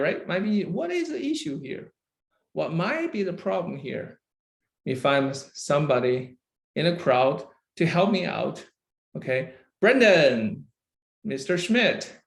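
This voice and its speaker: A man lecturing a university engineering class, who keeps checking understanding with "right?" and "okay?" and praises students by name. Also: a little high.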